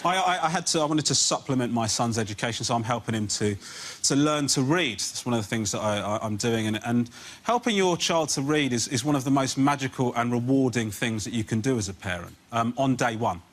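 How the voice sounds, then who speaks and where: A man on a comedy panel show, ranting in an exasperated stand-up style that rises to near shouting. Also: medium pitch, fairly quick, noisy background. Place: television studio with audience.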